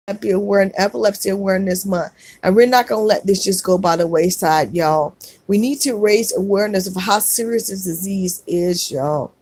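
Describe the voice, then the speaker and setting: A woman's voice: mid-range voice, a little mellow, no echo. A middle-aged woman hosting a casual livestream, reading viewer comments aloud and answering with earnest comfort, often saying "y'all.".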